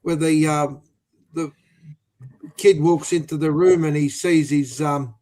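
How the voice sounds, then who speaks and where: A man telling a crude joke on a footy podcast, rambling and halting with lots of fillers. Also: fairly high pitch, fairly even intonation, warm tone. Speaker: podcast panelist.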